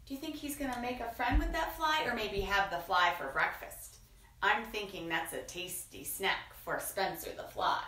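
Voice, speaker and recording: A woman reading a picture book aloud to children in a playful, sing-song way, dipping into soft whispers. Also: medium pitch, normal speed, recorded from a distance. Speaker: children's storyteller. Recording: roomy echo, voice from away from the mic.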